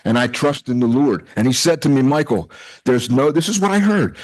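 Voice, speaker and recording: A man's voice: mid-range voice, big pitch swings, a little fast, no room sound, poor audio. A man in his sixties giving a heartfelt, conversational speech to a retreat gathering. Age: 60s. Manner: heartfelt, conversational, with quoted dialogue. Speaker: retreat association president.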